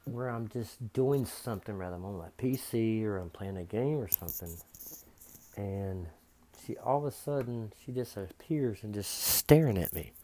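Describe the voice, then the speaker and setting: A man performing a comic monologue, telling an exaggerated story in an animated way. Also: lowish voice, normal speed. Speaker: comedian.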